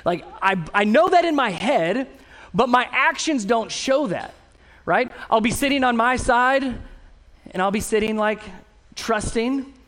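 A middle-aged man preaching a sermon as a pastor, telling stories with animated, self-mocking humor. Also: sits high.

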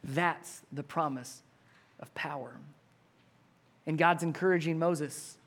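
Animated high-voiced male pastor preaching. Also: unhurried. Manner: conversational, animated, laughs while explaining. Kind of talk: sermon. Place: church before a congregation.

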